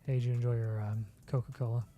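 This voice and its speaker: A man's voice: medium pitch, flat delivery, fast talker, mellow, lo-fi sound, soft background music. Playful male co-host with hiccups. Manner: playful, dry quips, reads out draft picks. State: has hiccups. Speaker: livestream co-host. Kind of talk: casual livestream chat.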